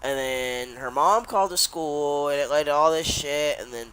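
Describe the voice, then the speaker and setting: A man's voice: on the high side, moderate pace, a bit bright, clean tone. A young adult man casually telling a long story while he streams a game, rambling and swearing, with many restarts.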